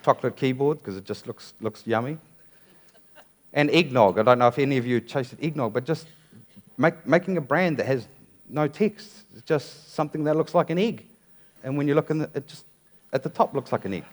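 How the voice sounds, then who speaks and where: A man's voice: medium pitch, lively intonation, fairly quick. A middle-aged man giving a playful, pun-filled talk on stage to a design audience. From New Zealand. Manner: playful, wry storytelling full of puns. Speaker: design conference speaker.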